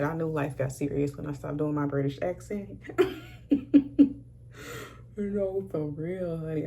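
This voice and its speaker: Low, gravelly-voiced woman in her thirties. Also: mellow, slight background noise. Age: 30s. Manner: chatty, sassy, says "honey" a lot. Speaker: beauty vlogger. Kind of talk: casual makeup chat.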